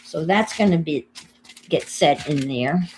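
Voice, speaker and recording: A woman's voice: deep voice, animated, a little slow, darkish tone, a little hiss or hum. An older woman with a New York accent, chatting casually to viewers on her crafting livestream while she works. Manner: chatty, thinks aloud while working, greets viewers.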